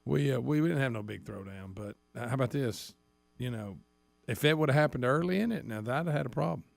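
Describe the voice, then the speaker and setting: A man's voice: medium pitch, lively intonation, quick pace, creaky, no room sound. A man co-hosting a morning radio show, bantering in a laid-back way. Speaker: radio co-host.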